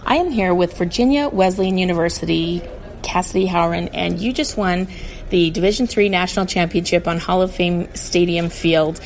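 A woman's voice: fairly low pitch, moderate pace, a little hiss or hum. A woman co-hosting a sports podcast, chatty and teasing, introducing guests and segments. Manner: chatty, teasing, says like often. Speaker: podcast co-host, interviewer. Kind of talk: casual podcast chat.

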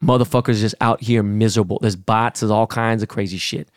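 A man's voice: fairly low pitch, fairly even intonation, a little fast, no echo, clean studio sound. A middle-aged man from Los Angeles hosting a podcast, ranting in a blunt, profane, heated way. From Los Angeles, California. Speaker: podcast host. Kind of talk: casual rant.

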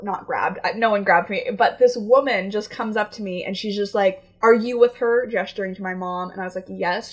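A young woman casually telling a long story on a chat podcast, animated and acting out the people she met. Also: medium pitch.

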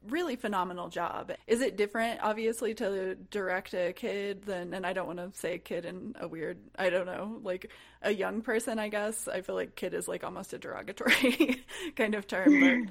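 A woman's voice: mid-range voice, normal speed. A woman interviewer asking questions in a casual chat, hesitant and self-correcting.

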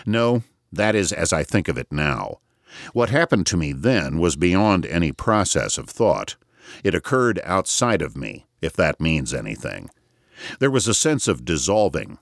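Very deep-voiced male audiobook narrator. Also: sing-song, unhurried, creaky, no room sound, studio quality. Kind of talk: first-person audiobook narration.

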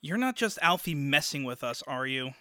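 A woman's voice: sits low, expressive, moderate pace, pushed and bright, no room sound, studio quality. A woman voicing a sarcastic, wry woman. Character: sarcastic woman in a man's body. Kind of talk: audio drama acting.

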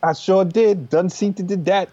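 A man's voice: sits high, fairly even intonation, normal speed, dark tone, lo-fi sound. A man co-hosting a stream in casual chat, dropping laid-back, wry remarks. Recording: noisy background hiss.

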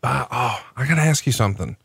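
A man's voice: medium pitch, animated, quick pace, gravelly, a bit bright, husky, dry recording, clean studio sound. A man co-hosting a podcast in casual chat, joking, teasing and swearing freely. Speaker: podcast co-host.

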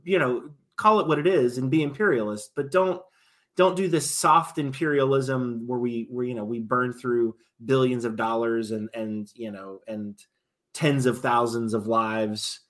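A male veteran guesting on a podcast, his voice sitting in a middle pitch. He talks in loose, rambling runs, circling back and restarting. He punches up some points and lets others trail away. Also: measured pace, fairly bright tone. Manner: rambling, frequent restarts, emphatic swings. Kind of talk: casual podcast discussion.

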